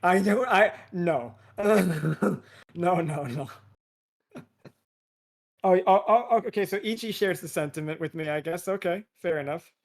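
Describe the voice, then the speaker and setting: A man's voice: sits high, measured pace, vocal fry. A man hosting a live stream, chatting casually, stammering and restarting often and breaking into laughs. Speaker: streamer host.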